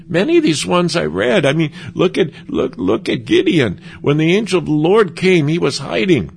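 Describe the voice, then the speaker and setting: Slight background noise accompanies a man preaching an earnest, conversational sermon, often stumbling and beginning sentences again. His voice is a little high, gravelly, and sing-song.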